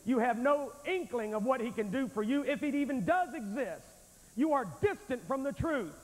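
Recorded on an old VHS tape in a reverberant hall, a high-voiced male revival preacher speaks expressively at a moderate pace. Before thousands in a large church sanctuary, his revival sermon is folksy and emphatic, aimed straight at the crowd.

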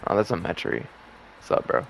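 A man's voice: a little fast, slight background noise. A young man giving casual gameplay commentary, swearing and trash-talking with frequent laughter. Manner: profane trash talk, laughs often, excitable. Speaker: gaming channel host.

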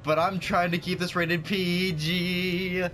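A man's voice: high voice, little pitch movement, slow pace, a bit bright, faint music behind. A young man giving playful, joking commentary while playing a video game, talking trash at the enemies. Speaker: gaming youtuber.

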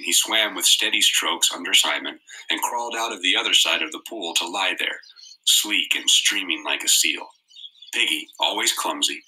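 A man reading a novel aloud in a steady, measured narration. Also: sits low, low-quality recording. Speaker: reader.

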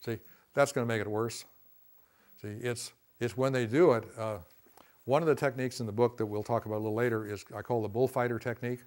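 A man teaching a class on communication, folksy and conversational, often saying "see" and "you know" and acting out quick quotes. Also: mid-range voice, fairly even intonation, darkish tone. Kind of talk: classroom lecture.

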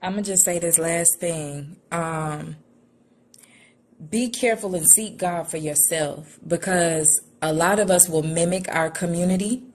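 A woman guest on a faith podcast, talking in a candid, animated, playful way. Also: on the low side, measured pace.

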